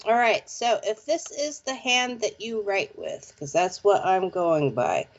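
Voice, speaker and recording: Slow-talking woman psychic on a live stream. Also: mid-range voice, lively intonation, dull audio. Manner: chatty, lots of fillers like "okay?" and "like". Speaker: psychic reader and show presenter. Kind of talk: live-stream chat with viewers.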